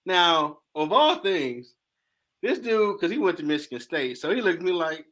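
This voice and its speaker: A talk show host with a high-pitched voice, speaking at normal speed, tells a funny personal story. He's animated, acting out the dialogue in casual slang.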